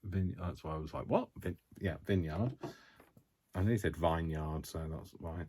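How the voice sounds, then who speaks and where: A man's voice: low voice, normal speed, warm tone, husky. A man hosting a casual craft haul vlog, talking to camera in a chatty, rambling way with many ums and self-mocking jokes. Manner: jokey, self-mocking humour. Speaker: craft vlogger.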